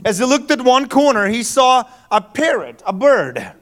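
A male pastor giving a Christmas Eve sermon in a church, telling stories in a relaxed, joking, conversational way with fillers. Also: very high-pitched, normal speed. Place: church sanctuary.

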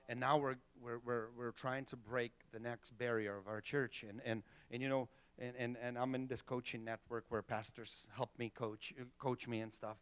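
A middle-aged male pastor preaching a sermon in an animated way, acting out little voices and laughing often. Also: medium pitch, moderate pace, few pauses, clean tone.

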